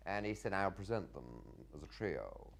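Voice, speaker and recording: A man's voice: low voice, lively intonation, normal speed. An English man in his fifties telling stage stories in an interview, theatrical, breaking into mimicking voices and laughing often. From England. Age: 50s. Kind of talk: anecdotal interview storytelling.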